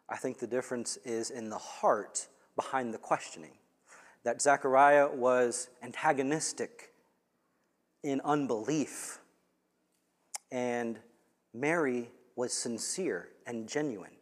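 A man preaching a sermon in animated fashion, swinging between hushed, quiet passages and loud, emphatic ones. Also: medium pitch, unhurried. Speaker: pastor. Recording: long hall reverb.

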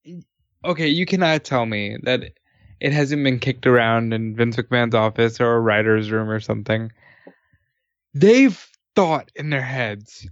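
A man's voice: medium pitch, a little slow, no room sound. Male podcast co-host, opinionated and profane, muffled lo-fi dry sound. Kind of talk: casual wrestling chat.

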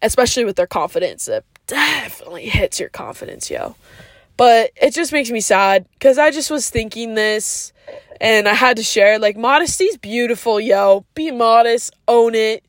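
Woman, podcast host, higher voice, dry close sound, casual earnest monologue, preachy, slang and "like" fillers. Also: expressive, moderate pace, dry recording. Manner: frequent "like" fillers.

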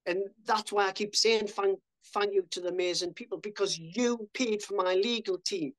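A man's voice: sits high, steady tone, normal speed, rough recording. A man, a podcast guest telling his story bluntly, swearing freely and fighting back emotion. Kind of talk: casual storytelling.

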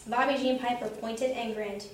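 Animated woman reading a kids' book, high and lively, roomy far-off sound with faint hum. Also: normal speed. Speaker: storybook reader. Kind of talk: children's book read-aloud.

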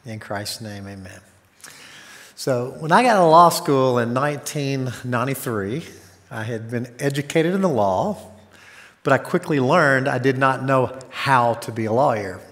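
A man's voice: mid-range voice, moderate pace, fairly bright tone. Earnest man preaching in a reverberant church. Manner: earnest, storytelling, speeds up in anecdotes. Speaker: guest speaker on marriage. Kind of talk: conversational sermon with personal stories. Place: church sanctuary.

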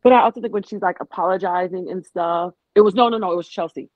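This podcast guest, a woman, speaks fast in a lowish voice during a relaxed conversation. She talks with energy and imitates what others told her. There's no room sound; the audio is dry and phone-like and tinny.

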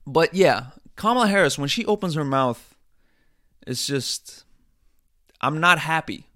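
A man with a somewhat high voice hosts a casual comedy podcast. He rants in a loose, rambling way, swears freely and often breaks off to restart a thought. His delivery is animated, swinging from loud bursts to low mutters. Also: measured pace. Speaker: podcast host.

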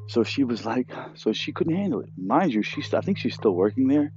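A man who works as a restaurant cook, telling a story in a blunt, profane, animated rant. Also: medium pitch, a little fast, hardly any pauses. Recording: dull lo-fi with faint music.

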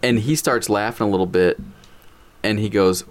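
A man's voice: on the low side, moderate pace. A man casually telling a funny story, acting out quotes and laughing as he talks. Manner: animated, acts out quotes, laughs while telling.

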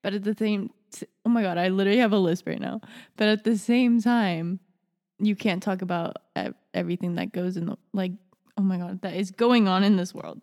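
A woman's voice: medium pitch, fairly even intonation, a little fast, darkish tone. Rambling young woman, reverberant room. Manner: rambling, restarts often. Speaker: podcast co-host. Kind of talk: casual chat.

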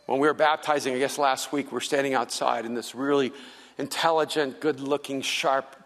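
A man preaching a sermon as pastor, telling stories with animation and turning soft and earnest for his appeals. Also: moderate pace. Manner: animated storytelling, acts out quoted people in a higher voice. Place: large church hall. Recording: long hall reverb.

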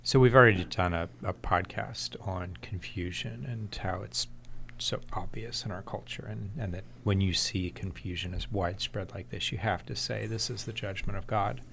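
A man's voice: deep voice, steady tone, normal speed, creaky, fairly bright tone, slight background noise. A man co-hosting a church podcast, earnestly summing up the discussion. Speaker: podcast co-host.

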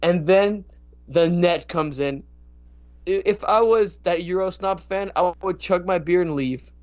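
A man co-hosting a casual soccer podcast, telling rambling, animated stories. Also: high-pitched, unhurried, muffled recording. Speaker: podcast co-host. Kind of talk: casual chat.

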